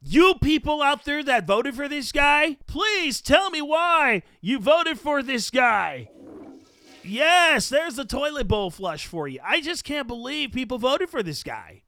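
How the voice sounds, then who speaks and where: A man hosts a podcast in an indignant, mocking political rant. His voice sits very high for a man and leaps around expressively. The sound is bright and dry, with no room around it. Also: big pitch swings, a little slow, dry recording. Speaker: podcast host.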